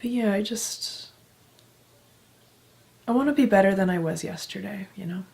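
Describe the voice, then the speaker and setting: A woman's voice: mid-range voice, normal speed, gravelly, a little mellow. A young woman from Canada talking candidly in a personal vlog, emotional and heartfelt, swearing casually as she speaks. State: emotional, close to tears. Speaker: vlogger.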